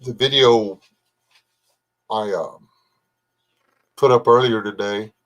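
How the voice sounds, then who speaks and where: A man's voice: fairly low pitch, steady tone, slow pace, fairly bright tone. Folksy older man. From Texas. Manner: rambling, folksy, chats to viewers by name. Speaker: livestream host. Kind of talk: casual live chat reading comments.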